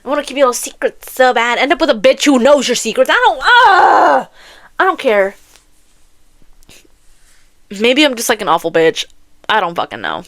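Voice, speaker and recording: A young woman hosts her own podcast alone, talking straight into the mic. She vents in a heated, profane rush, repeating herself for emphasis and laughing at her own anger. Her voice sits a little on the high side. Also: expressive, fast talker. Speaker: podcast host. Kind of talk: solo podcast rant.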